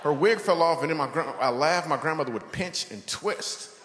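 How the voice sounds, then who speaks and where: A man performing a stand-up comedy set, telling animated stories and acting out characters. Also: fairly high pitch, normal speed. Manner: animated storytelling, acts out characters. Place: church hall with a live audience. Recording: long hall reverb, audience noise.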